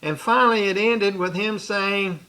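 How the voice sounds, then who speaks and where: A man's voice: high-pitched, a little slow, sharp tone. A man recounting a personal memory in a rambling way, with restarts and asides. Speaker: storyteller.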